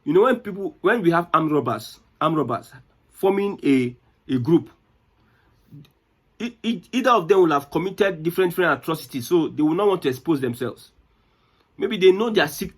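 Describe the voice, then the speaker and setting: A man's voice: a little high, slightly rough. A Nigerian man giving impassioned political commentary, indignant, firing rhetorical questions and repeating phrases. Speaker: news commentator.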